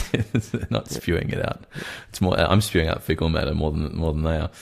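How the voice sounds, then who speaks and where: Deep-voiced man asking dry questions. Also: normal speed, vocal fry. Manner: dry questioning, probing for details. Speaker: podcast co-host. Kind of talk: casual comedic chat.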